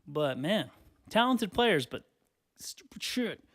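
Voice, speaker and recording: A man with a slightly high voice hosts a solo podcast while standing in a hot bedroom. He rambles loosely, swearing and filling gaps with "you know". He sounds a little out of breath and keeps clearing his throat. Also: very animated, slow, fairly bright tone. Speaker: podcast host. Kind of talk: solo casual rant.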